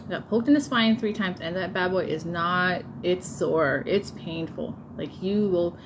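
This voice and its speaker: A woman's voice: lowish voice, measured pace. Woman in her 30s chatting on her vlog, laughs a lot, bit of faint hiss behind her. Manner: laughs often while telling a story, animated in quoted lines. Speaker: vlogger telling a birth story. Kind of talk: casual storytelling.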